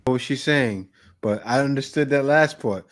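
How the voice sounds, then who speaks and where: A man's voice: medium pitch, moderate pace. A man hosting a reaction video, commenting casually on clips, laughing and repeating phrases.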